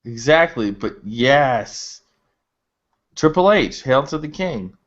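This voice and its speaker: A man's voice: medium pitch, animated, slow. A man on a wrestling podcast panel, joking crudely and acting out quoted lines. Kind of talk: casual wrestling chat. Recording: dull lo-fi sound.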